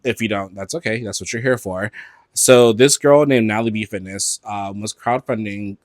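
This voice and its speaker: A man hosting a podcast, talking casually about pop-culture news from home in front of his closet, animated and gossipy, swearing freely and filling his talk with "like" and "um". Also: on the low side, normal speed, no room sound, clean studio sound. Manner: animated, gossipy and profane, with frequent fillers. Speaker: podcast host.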